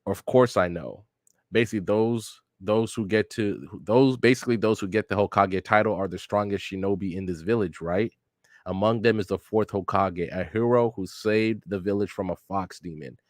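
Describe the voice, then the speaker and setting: A man's voice: fairly low pitch, normal speed, dry recording, clean studio sound, lightly acted. A man casually reading the lines of a brash, stubborn orphan ninja boy from a manga, in his own plain voice. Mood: boastful. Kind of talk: casual manga read-aloud.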